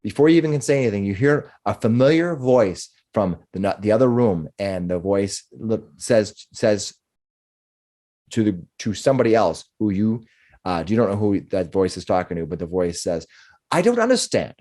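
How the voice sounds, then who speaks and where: A man's voice: fairly low pitch, normal speed, mellow. A man narrating as game master of a tabletop game, rambling with frequent restarts.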